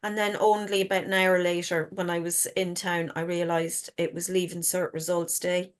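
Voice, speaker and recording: A woman's voice: on the low side, little pitch movement, normal speed, clean tone. A middle-aged woman, a guest author telling stories frankly in casual chat and swearing freely. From Ireland.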